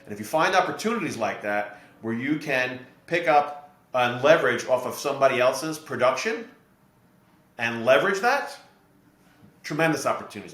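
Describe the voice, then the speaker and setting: A middle-aged man from New Jersey, a podcast guest and real estate investor, explaining his ideas through steady anecdotes. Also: mid-range voice, normal speed. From New Jersey, USA. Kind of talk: podcast interview storytelling. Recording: echoey room.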